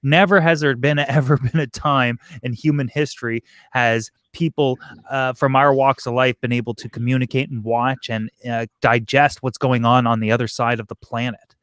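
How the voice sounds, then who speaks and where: A man's voice: mid-range voice, normal speed. A man talks casually about his hobby channel, often circling back and restarting his sentences. His voice sits in an ordinary middle range. The sound is dry and close, with no room echo. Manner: rambling, restarts sentences, animated. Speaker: aquarium YouTuber. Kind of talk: casual chat on a live stream.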